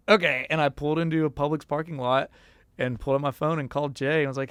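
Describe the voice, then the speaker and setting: A man's voice: a little high, little pitch movement, fast talker, a bit bright, clear, resonant tone, no room sound, studio quality. A man in his thirties, a musician guest in a casual interview, who tells stories animatedly with many fillers and acted quotes.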